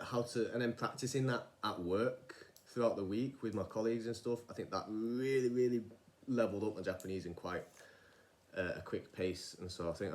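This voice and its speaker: A young man talking casually in a podcast-style monologue, rambling and often wandering off track. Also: fairly low pitch. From England. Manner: rambling, digressive, many restarts and fillers. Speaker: vlogger.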